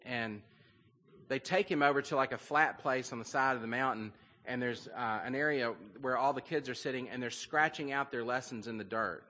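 A man's voice: medium pitch, normal speed, bright, forceful tone. A man preaching a sermon, telling a story in an earnest, conversational way with frequent fillers. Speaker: pastor. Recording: long reverb of a large hall.

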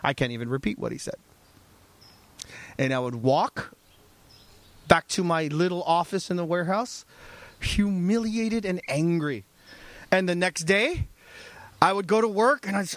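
A male pastor preaching a sermon in an animated, conversational storytelling way. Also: high voice, normal speed, pauses often.

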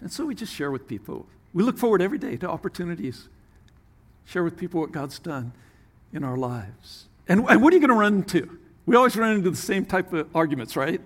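A man preaching a sermon as pastor, earnest, with sudden drops into soft, hushed asides. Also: fairly high pitch, lively intonation, a little fast.

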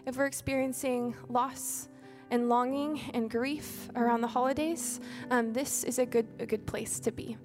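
A woman's voice: fairly high pitch, steady tone, moderate pace, music in the background. A female pastor making inviting church announcements, with frequent ums. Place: church sanctuary.

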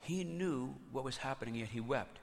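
A man preaching a sermon as pastor, conversational and animated, telling stories with playful asides. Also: medium pitch, moderate pace, gravelly, long reverb tail.

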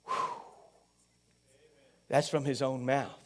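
A male pastor preaching a sermon, emphatic, asking the congregation questions and swinging between loud peaks and quiet low passages. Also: flat delivery, slow pace.

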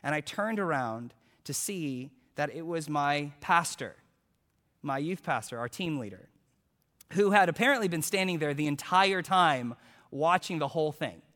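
A male preacher telling a story in a sermon, animated as he acts out quotes, then turning hushed and earnest. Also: on the high side, moderate pace, big-room sound.

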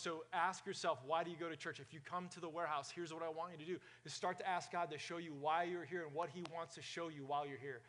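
A man preaching a sermon to his congregation, energetic and often asking the room questions. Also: a little high, fast talker. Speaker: pastor.

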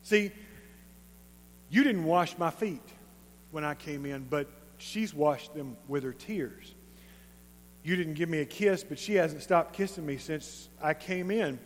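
A calm, quietly probing teacher , as a man with an East Texas accent puts him on, talking low and soft. Each line hangs in a long hall reverb. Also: a little slow, a little hiss or hum, close to an everyday voice. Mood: gentle. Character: calm, gently searching male teacher.

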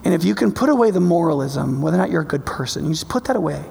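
Preacher guy, high gravelly voice, keeps asking okay?, gets fired up, big echoey church hall. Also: expressive, very fast, a little hiss or hum. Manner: emphatic, conversational, checks in with "okay?"; builds to passionate, loud climaxes. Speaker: pastor. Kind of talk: sermon. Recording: long reverb of a large hall.

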